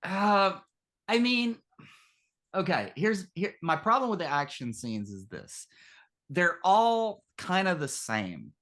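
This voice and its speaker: A man's voice: high voice, sing-song, takes it slowly, fairly bright tone. A man co-hosting a casual film discussion podcast, critical and laughing often. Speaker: podcast co-host.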